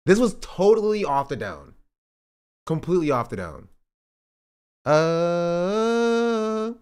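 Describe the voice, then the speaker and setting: A male streamer talks casually to his chat, rambling and joking as he fiddles with his audio. His voice is mid-pitched with a lively, bouncing intonation that rises and falls freely. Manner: rambling, joking, testing his mic aloud.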